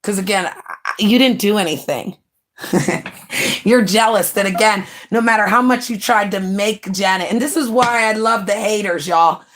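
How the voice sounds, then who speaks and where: A woman's voice: medium pitch, moderate pace, fairly bright tone. A woman from the United States, livestreaming in blunt, brash and mocking casual chat.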